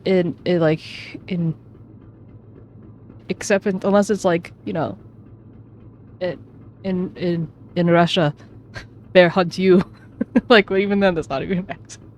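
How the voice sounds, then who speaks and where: Woman streamer rambling about her game, kinda low voice, bit of hiss in the back. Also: steady tone, unhurried, pauses often. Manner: chatty, rambling, self-mocking. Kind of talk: casual gaming commentary.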